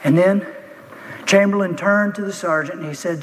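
A man telling a story in a speech, building tension with vivid detail and pauses. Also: sits high, in a large hall, slight background noise, rough recording. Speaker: speaker.

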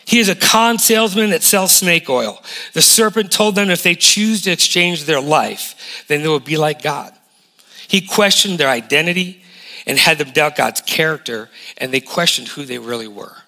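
A man in his forties preaching a lively sermon as a guest pastor, emphatic and full of rhetorical questions. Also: on the high side, normal speed. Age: 40s.

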